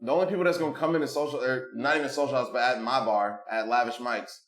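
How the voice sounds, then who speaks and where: A man's voice: medium pitch, steady tone, fast talker, fairly bright tone. A man riffing in casual podcast chat, slangy and calling everyone bro. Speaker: podcast co-host. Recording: echoey room.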